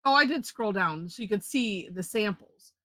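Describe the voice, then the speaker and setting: A woman's voice: medium pitch, animated, normal speed, sharp tone, no room sound. A woman leading a live drawing lesson, chatty, correcting herself and laughing often. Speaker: drawing instructor.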